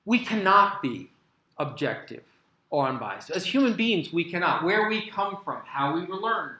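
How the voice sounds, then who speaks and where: American male keynote speaker, animated and emphatic, bright tone, roomy hall sound. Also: high voice, normal speed. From United States. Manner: animated, sarcastic asides, emphatic. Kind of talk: conference keynote talk. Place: conference hall.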